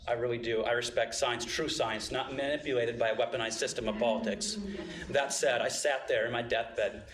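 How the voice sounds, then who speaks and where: A man giving an impassioned, emotional public comment at a board meeting, rising to loud, emphatic outbursts. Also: mid-range voice, fairly even intonation, normal speed, echoey room, a crowd in the background.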